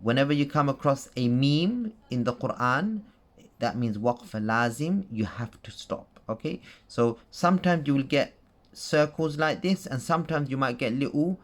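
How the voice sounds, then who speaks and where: A man explains recitation rules in a relaxed tutorial voice. He is patient and goes over each point more than once, checking in with his listener as he goes. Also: mid-range voice, normal speed. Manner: patient, repeats points with frequent "okay?" and "right?" checks. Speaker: Quran recitation teacher.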